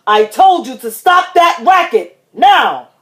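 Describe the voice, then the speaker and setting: A woman's voice: high-pitched, very animated, unhurried, pitched above the performer's own voice. A woman voicing a stern, impatient father frog who scolds in a storybook reading.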